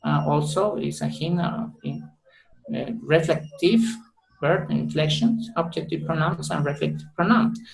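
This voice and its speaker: A male student with a mother tongue, presenting in a class over a video call. He talks haltingly, full of fillers and self-corrections. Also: fairly high pitch, gravelly, low-quality recording. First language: Spanish.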